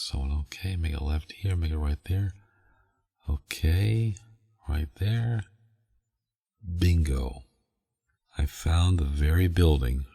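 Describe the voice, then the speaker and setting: A man tells a meandering, soothing story for sleep, chuckling now and then. His voice is extremely deep and husky. A long reverb trails behind it. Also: a little mellow. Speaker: podcast host.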